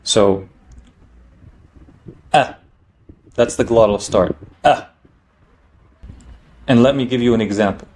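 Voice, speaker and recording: A man explains letters in a language lesson, patient and methodical. He checks in with the listener often and slows right down when he models each sound. His voice sits at a middle pitch. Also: a little mellow, a little hiss or hum. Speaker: Arabic teacher.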